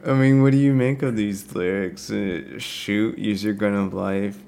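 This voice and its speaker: A man's voice: fairly low pitch, fairly even intonation, a little slow, creaky, a little mellow, a little hiss or hum. A man co-hosting a podcast, chatting casually about music with hesitant, laughing, self-correcting talk. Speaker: podcast co-host.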